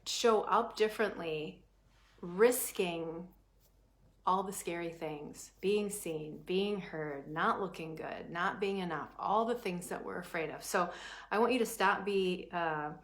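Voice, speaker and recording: A woman prosperity coach giving a motivational class talk, animated and emphatic, with sudden swings between quick bursts and slow drawn-out phrases, often checking in with "right?". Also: medium pitch.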